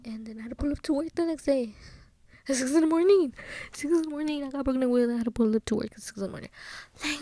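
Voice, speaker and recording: A young woman hosting a solo podcast, telling a personal story casually, with slang and Spanish phrases mixed in, often dropping to a soft whisper. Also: on the high side. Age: young adult.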